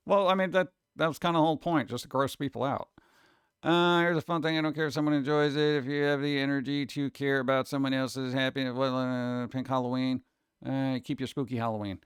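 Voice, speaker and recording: Male streamer, casual and animated, clear resonant tone, dry close mic. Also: mid-range voice, fairly quick, no room sound. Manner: animated, chatty, slips into mock voices. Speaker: streamer host. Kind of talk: casual chat with viewers.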